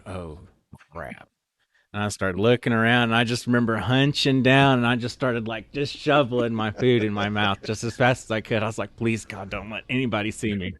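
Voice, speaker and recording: A man's voice: fairly low pitch, a bit bright, no room sound. Rambling man telling casual stories. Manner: rambling, heavy use of "like" and "you know". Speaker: storyteller guest. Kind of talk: casual anecdotal storytelling.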